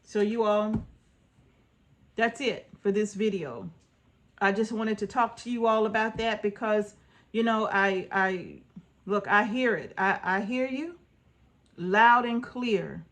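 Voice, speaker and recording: A woman's voice: medium pitch, slow, pauses often, a bit bright. A woman homestead vlogger giving casual, earnest advice to her viewers, repeating her points and checking in with "right?". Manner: informal, folksy speech.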